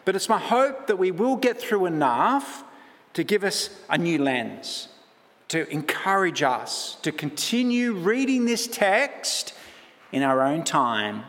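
Aussie male pastor, slightly high voice, joking sermon, echo of a big church hall. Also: slow. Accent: Australian. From Australia. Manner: chatty, self-deprecating, lively asides.

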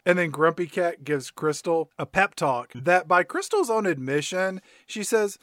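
A man recapping a movie plot in casual chat, wry and animated. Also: high voice, unhurried, few pauses, dry recording. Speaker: podcast co-host.

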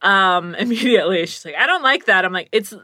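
A woman voice actress chatting casually, with a bright, forward voice. She tells lively stories and acts out what people said, laughing often. The sound is dry and close. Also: mid-range voice, fairly quick, no echo. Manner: animated storyteller, acts out quotes, laughs often. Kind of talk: casual chat.

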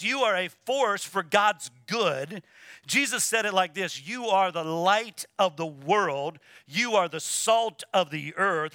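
A man with a high, piercingly bright voice preaches a sermon to his church. He presses his points hard and repeats words for weight, calling the congregation to say things back. The sound is close and dry, with no room around it. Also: clear, resonant tone, no room sound. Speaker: pastor. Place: church sanctuary.

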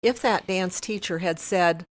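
A woman with a fairly low voice speaks as a podcast guest, frank and a little humorous. Her voice is dry and close-miked, and she chimes in with short agreements. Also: a little slow, no echo. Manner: warm-humored, frank, backchannels often. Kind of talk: podcast conversation.

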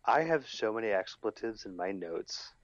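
A man's voice: fairly low pitch, expressive, normal speed, dry recording. A man co-hosting a podcast, chatting in an easygoing way and agreeing emphatically. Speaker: podcast co-host. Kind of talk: casual chat recapping an audio drama. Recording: slightly muffled lo-fi mic.

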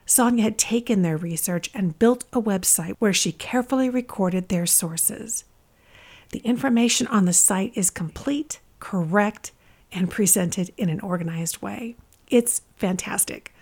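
A woman hosting a podcast, announcing the episode in a clear, upbeat way and reading a listener's letter aloud. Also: medium pitch, measured pace, a little mellow. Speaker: podcast host.

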